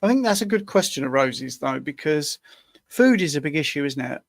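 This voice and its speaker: Gravelly-voiced man in his sixties on a video call. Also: a little high, sing-song, fairly quick, no echo. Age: 60s. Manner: chatty, rambling explanations with self-deprecating asides. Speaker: guest answering questions. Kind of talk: casual online Q&A.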